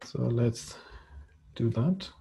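A male lecturer walks through a screen-share coding tutorial at a slow, halting pace, with lots of fillers. His voice is gravelly and husky, with a dark, mellow tone. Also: mid-range voice, expressive.

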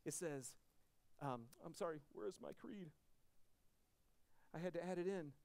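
Speaking a little slowly in a slightly high, gravelly voice, a pastor in his thirties shares a personal story during a Christmas church sermon. He's animated, moving from loud excitement to quiet, hushed moments.

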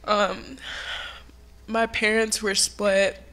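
Slow-talking young woman giving a funeral tribute. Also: medium pitch, level tone. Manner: fond, laughing through memories, softening when serious. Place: church sanctuary.

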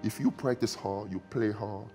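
A man, an interview guest recalling events in a halting, reflective way, repeating phrases with loose grammar. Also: on the low side, mellow, soft background music. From Democratic Republic of the Congo. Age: 40s. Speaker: interview guest, former basketball player. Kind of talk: emotional recollection in a sit-down interview.

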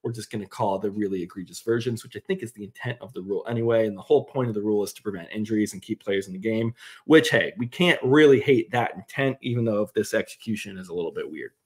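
A man's voice: on the low side, quick pace, darkish tone, breathy edge. A man co-hosting a podcast, chatting casually about sports in a rambling way with lots of fillers. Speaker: podcast co-host.

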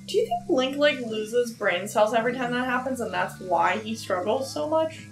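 A woman co-hosting a let's play, trading playful quips. Her voice sits slightly high. Game music plays clearly behind her. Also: lively intonation, reverberant. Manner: playful, quick quips and laughs. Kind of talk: casual let's play commentary.

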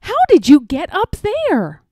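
Brief: a cheerful, teasing storybook elephant, read by a woman, lively and unhurried. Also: sits high, no room sound, studio quality, exaggerated voice. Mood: playful. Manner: friendly storybook read-aloud voice.

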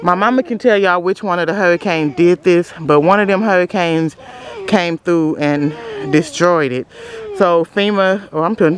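A woman from Louisiana with a Southern accent, talking casually and emotionally to her viewers while filming outdoors on a handheld phone. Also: fairly low pitch. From Louisiana, USA. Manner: chatty, emotional, keeps calling viewers "y'all". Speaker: vlogger. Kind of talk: casual vlog chat to viewers. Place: outdoors at a rural family property. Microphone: handheld phone camera.

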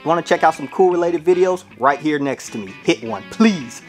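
A man hosting a reaction video, chatting excitably to his viewers with laughing asides. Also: a little high, normal speed. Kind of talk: casual reaction commentary. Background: music video playing faintly.

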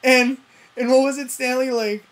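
A husky woman with a medium-pitched, very animated voice at normal speed rants through a TV episode review for her vlog. She's profane, rambling, and frustrated, interrupting herself often and leaning on fillers.

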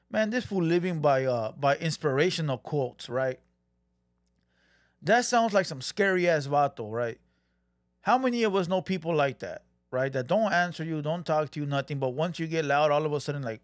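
A man's voice: fairly high pitch, animated, moderate pace, no echo, clean studio sound. A man hosting a reaction channel, ranting heatedly and repeating himself, dropping Spanish slang. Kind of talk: reaction commentary.

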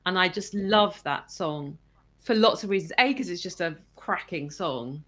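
A woman's voice: lowish voice, animated, unhurried, fairly bright tone. A woman guest on a podcast interview, talking in an enthusiastic, reflective way about a favourite song. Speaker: guest, coaching psychologist.

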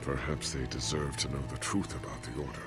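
A man's voice: a bass voice, fairly even intonation, brisk, faint music behind. An actor playing a proud older male warrior hero in a video game, speaking in a solemn, confessional way.

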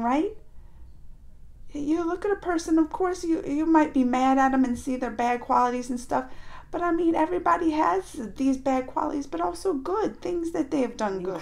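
A woman hosting a reaction video, retelling scenes from a show in an excitable, animated way. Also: on the high side.

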